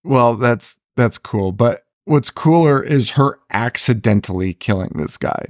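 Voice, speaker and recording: A man recapping a horror movie in casual podcast chat, animated and profane, laughing often as he retells scenes. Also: mid-range voice, measured pace, dry recording, clean studio sound. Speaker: podcast co-host.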